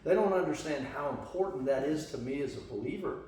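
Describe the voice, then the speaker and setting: Fairly high-pitched, animated and a little mellow, this western US man from Las Vegas talks fairly quickly as he leads a church study group. He rambles casually with plenty of fillers and restarts, recorded in an echoey church meeting room on a distant mic with faint hum.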